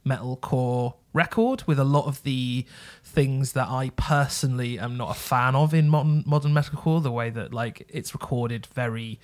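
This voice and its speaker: A man's voice: medium pitch, normal speed, hardly any pauses. A man co-hosting a podcast, chatting casually and hesitantly, with frequent ums and restarts. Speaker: podcast co-host reviewing albums. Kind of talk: casual chat.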